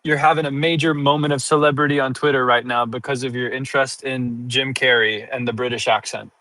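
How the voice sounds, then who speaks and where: Chatty young man, bright and dry. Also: mid-range voice, fairly even intonation, a little fast, no echo. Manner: rambling and self-amused, laughing often. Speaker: streamer. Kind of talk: casual livestream chat.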